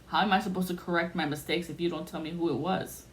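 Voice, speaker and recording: Lowish, steady in tone and quick, this woman hosts a podcast and tells a personal story in a blunt, casual manner. She acts out the people she quotes, and the recording carries faint background noise.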